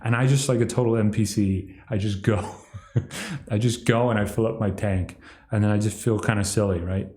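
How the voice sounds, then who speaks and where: A man's voice: on the low side, steady tone, moderate pace, darkish tone. Sardonic rambling man in an echoey room. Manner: sardonic, mocking, breaks into exaggerated impressions. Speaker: livestream commentator. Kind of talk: rambling solo commentary.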